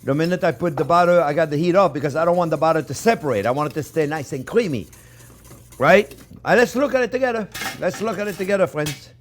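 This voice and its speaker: A man's voice: a little high, fast. A man with a French accent, a chef giving a chatty cooking demonstration in a kitchen, repeating himself and talking to viewers as friends.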